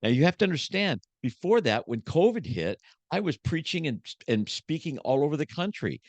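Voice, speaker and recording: A man's voice: a little high, very animated, normal speed, dry recording. Preacher-like man telling his story. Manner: preacher-like, swinging from hushed to emphatic. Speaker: podcast guest, motivational speaker. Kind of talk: emotional personal testimony.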